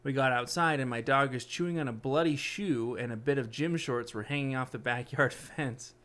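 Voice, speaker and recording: A man's voice: medium pitch, moderate pace, a bit bright. Casual man reading scary stories. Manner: reads aloud with blunt, joking asides. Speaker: podcast co-host reading stories. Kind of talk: casual podcast chat, reading stories aloud.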